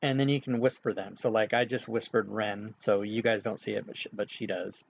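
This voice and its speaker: Relaxed game master, slightly dull audio. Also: male voice, fairly low pitch, fairly quick, creaky, slight background noise. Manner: relaxed, explanatory, with frequent filler sounds. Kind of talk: casual instructions during an online game session.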